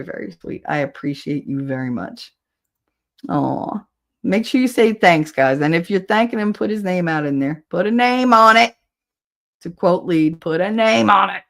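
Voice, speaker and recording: Animated woman chatting on a livestream. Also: lowish voice. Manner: animated, switches voices and laughs easily. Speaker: livestream co-host. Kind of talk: casual livestream chat.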